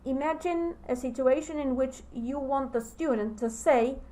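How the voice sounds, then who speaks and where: A woman whose first language is Spanish, giving a recorded lecture to teacher trainees. She talks slowly and deliberately, pausing between phrases. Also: high voice, mellow, low-quality recording.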